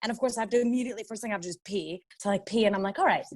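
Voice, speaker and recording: Woman in her thirties, from Canada, guest on a video-call interview, lively storytelling, acts out quotes. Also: racing. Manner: animated, acts out quotes with big pitch jumps. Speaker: guest actor.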